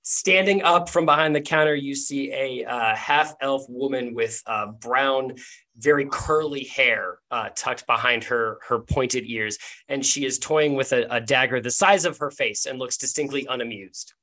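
Give me a man game master narrating a tabletop game with a loose, halting delivery. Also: medium pitch, pushed and bright.

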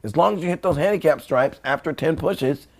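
Brisk and somewhat high-voiced, this man swaps skateboarding stories in a casual chat, voicing his friends' lines and cursing without restraint.

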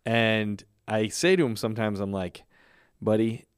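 A man's voice: on the low side, animated, moderate pace, clean tone, no room sound, studio quality. A man co-hosting a casual podcast, telling stories in a chatty way and laughing often. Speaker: podcast co-host. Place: California.

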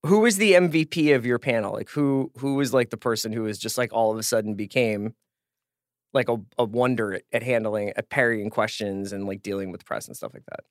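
A man's voice: fairly low pitch, brisk, dry recording. Chatty man, dry studio sound. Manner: chatty, lots of "like" fillers. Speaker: podcast co-host. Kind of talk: casual chat.

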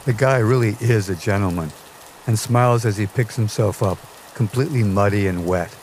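A man's voice: on the low side, moderate pace, darkish tone, slight background noise. A man narrating a scripted personal memoir in a dry, wry storytelling manner. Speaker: podcast narrator.

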